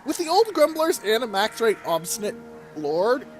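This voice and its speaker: A man with a high, very lively voice narrates his strategy game in a chatty let's-play style. He swears casually and reacts to each turn as it comes. Clear music runs behind him. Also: normal speed. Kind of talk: gameplay commentary.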